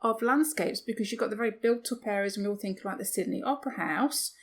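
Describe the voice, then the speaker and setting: A woman's voice: mid-range voice, fast talker. A woman co-hosting a podcast, chatting casually with self-deprecating asides and rhetorical questions. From United Kingdom. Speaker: podcast co-host. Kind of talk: casual chat.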